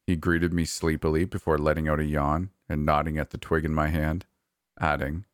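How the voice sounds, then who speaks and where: Deep-voiced man narrating a story. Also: normal speed, clear, resonant tone, dry recording, clean studio sound. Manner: steady storytelling read. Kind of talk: scripted narration.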